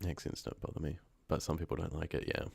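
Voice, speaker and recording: A young New Zealand man talks loosely to his stream audience, wandering from thought to thought and letting sentences trail off. His voice sits very low. The sound is dry and close, with no room around it. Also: steady tone, fast, vocal fry, darkish tone, slightly rough, no echo. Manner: rambling, chatty, often trailing off. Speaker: horror story narrator chatting on a livestream. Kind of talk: casual livestream chat.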